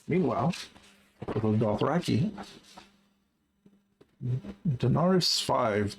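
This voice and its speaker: A man's voice: mid-range voice, vocal fry, a little hiss or hum, poor audio. A man casually recapping a book he read, chatty and wry with lots of asides. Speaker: book journal vlogger.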